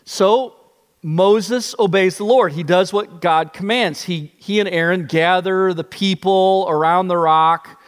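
A man preaching a sermon as pastor, telling the story in an animated way with shifting pace. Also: high voice, slow pace, smooth, in a large hall.

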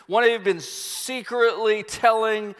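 A man's voice: sits high, fairly even intonation, measured pace, a bit bright, pitched above the performer's own voice. A man voicing an angry, suspicious male king who gives commanding, accusing orders, in a long reverberant hall.

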